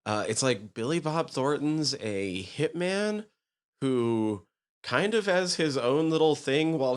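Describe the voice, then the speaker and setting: A young man co-hosting a casual podcast, talking enthusiastically and rambling with many fillers. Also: mid-range voice. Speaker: podcast co-host. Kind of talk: casual chat.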